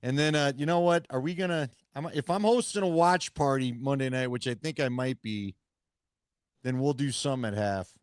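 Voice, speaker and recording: A man's voice: medium pitch, normal speed, clean tone, no echo, studio quality. A man co-hosting a casual sports talk show, teasing his partner and telling jokey stories. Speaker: co-host. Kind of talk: casual chat.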